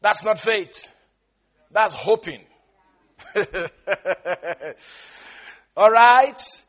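A male pastor preaching a sermon, emphatic, stretching his words out and breaking into shouts. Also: high-pitched, animated, very slow, long pauses.

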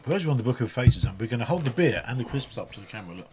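A man co-hosting a podcast, joking quickly and expressively in casual chat. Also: mid-range voice, sing-song, a little mellow, a little hiss or hum. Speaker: podcast co-host. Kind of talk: casual chat over crisps and beer.

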